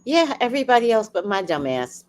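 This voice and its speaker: Animated woman telling stories to her chat. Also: a little high, fairly quick. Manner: animated, acts out quoted voices, laughs and swears freely. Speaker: livestream host. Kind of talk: casual storytelling to a live chat.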